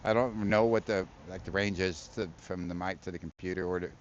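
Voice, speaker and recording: A man's voice: sits low, steady tone, brisk, slight background noise. A man chatting casually and profanely on a live stream while out in a yard with his dog, on a wireless mic. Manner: laid-back, profane, chuckling, talking to his dog. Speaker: live-streaming delivery rider. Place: outdoors in a yard. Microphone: wireless mic relaying to a laptop. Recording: dull lo-fi stream audio.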